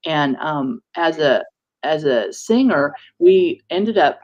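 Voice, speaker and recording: A woman guest, a reverend and singer, speaking reflectively and from the heart, with many small pauses. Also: sits low, animated, muffled recording. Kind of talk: casual conversation.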